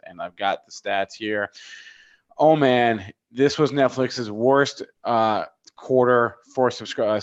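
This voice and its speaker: A man hosting a live trading talk show, running through market headlines in a brisk, businesslike way. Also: on the low side, highs cut off. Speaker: show host.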